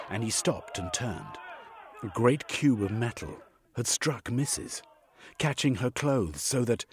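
A man narrating an audiobook with a husky voice. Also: on the low side, heavy background noise. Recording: faint music underneath.

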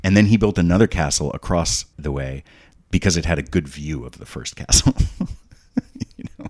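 Very deep-voiced man telling stories. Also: moderate pace, darkish tone. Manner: rambling, frequent restarts and asides. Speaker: podcast guest. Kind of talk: casual storytelling.

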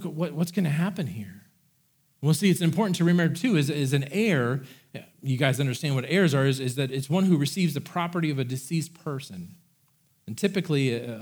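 A middle-aged man preaching a sermon as pastor, talking in a relaxed, conversational way and retelling scripture in everyday words. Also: mid-range voice. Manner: conversational, paraphrases scripture in a casual voice.

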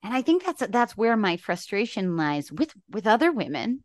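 A woman hosting a podcast in casual conversation, animated and emphatic. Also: mid-range voice, normal speed, dry recording, studio quality. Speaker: podcast host.

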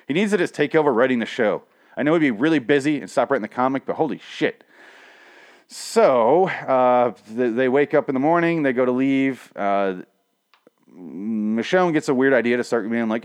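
Man, rambling review, cursing, restarts, mid-pitched voice, swings between ranting and mumbling. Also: animated, normal speed. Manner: rambling, profane, frequent restarts. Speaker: comic and TV reviewer. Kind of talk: casual solo review monologue.

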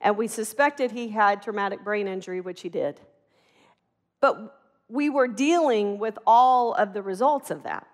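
A middle-aged woman preaching a sermon in an animated, conversational way, acting out the voices in her stories. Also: mid-range voice, measured pace, big-room sound.

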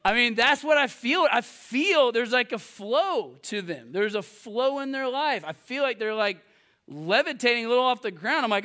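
A man preaching a sermon in a lively, animated way, acting out quoted voices and laughing often at himself. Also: high voice, normal speed. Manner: laughs often, self-deprecating. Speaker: pastor.

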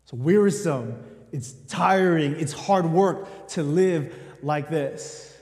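A man's voice: fairly high pitch, slow pace, darkish tone, big-room sound. A man delivering a sermon in a conversational way, speaking directly to his congregation. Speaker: pastor.

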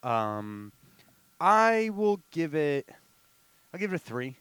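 Man, podcast co-host, casual chat, lively bright voice, hesitant, dry close sound. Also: a little high, takes it slowly, clear, resonant tone, no echo. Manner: laid-back, hesitant, trails off.

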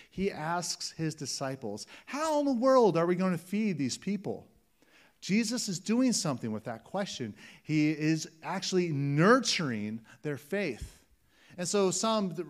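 A man preaching a sermon as a pastor, earnest and emphatic, often restarting his phrases. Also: a little high.

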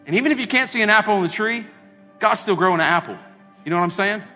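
Male pastor, high and animated, preaching from the stage in a reverberant sanctuary with faint music under him. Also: fast talker. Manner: animated, acts out quoted voices, repeats words. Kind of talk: sermon. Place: church sanctuary.

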